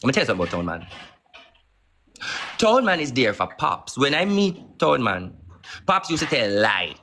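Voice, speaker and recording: A man with a Jamaican Patois accent rants heatedly, circling back over the same points and acting out what others said. His voice is bright and forceful, with a faint hiss of noise behind it. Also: mid-range voice, big pitch swings, moderate pace. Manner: heated, repetitive street talk with acted quotes.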